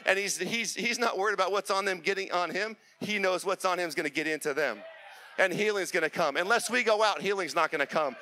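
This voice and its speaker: A middle-aged male pastor preaching a sermon with urgent, repetitive exhortation that builds to impassioned near-shouting. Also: high voice, fast talker, slight background noise.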